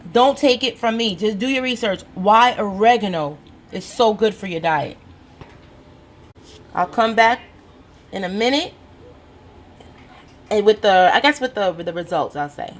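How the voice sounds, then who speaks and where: A woman's voice: mid-range voice, slight background noise. A woman hosting her own home cooking show, talking casually and directly to viewers with playfully bossy asides.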